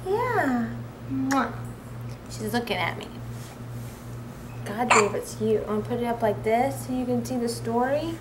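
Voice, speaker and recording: A woman's voice: fairly high pitch, animated, measured pace, long pauses, noisy background. A new mother filming herself at home and cooing to her newborn baby in sing-song baby talk, recorded on a handheld camcorder.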